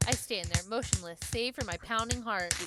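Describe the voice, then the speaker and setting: A woman's voice: a little high, moderate pace, over loud music. A woman hosting a let's play, reading the game text aloud with giggles and playful drama.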